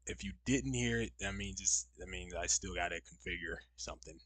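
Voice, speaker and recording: A man's voice: sits low, brisk, fairly bright tone, dry recording. A young man live-streaming, chatting casually and rambling to his viewers with slangy asides. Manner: rambling, talks straight to chat with slangy asides.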